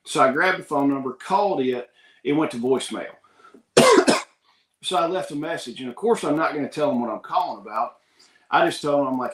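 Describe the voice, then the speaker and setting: A podcast host with a Kentucky accent tells a rambling, folksy story in casual talk, acting out the other people's lines. His fairly high voice is expressive at a moderate pace, pausing often, and the sound is reverberant.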